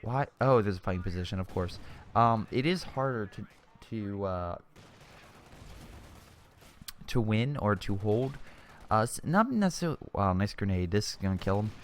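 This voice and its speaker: A man's voice: fairly low pitch, expressive, moderate pace, slight background noise. A young man giving casual commentary over a strategy game replay, chatty and exclamatory, often restarting his sentences.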